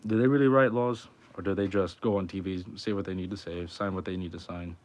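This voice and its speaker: A man's voice: low-pitched, steady tone, a little fast, darkish tone. A man musician chatting casually on a livestream from his home, rambling and swearing a lot. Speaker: musician streamer.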